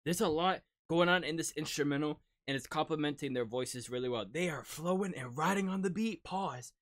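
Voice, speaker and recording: A music video reactor giving casual, excitable commentary, often breaking off to exclaim and pause the video. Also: medium pitch.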